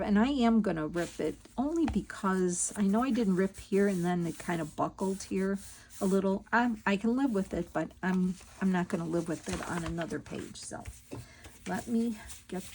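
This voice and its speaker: A woman's voice: mid-range voice, moderate pace, a little mellow, slight background noise. A woman hosting a crafting video, chatting casually and telling stories while she works. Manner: chatty, storytelling, thinks aloud while working. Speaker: crafting channel host.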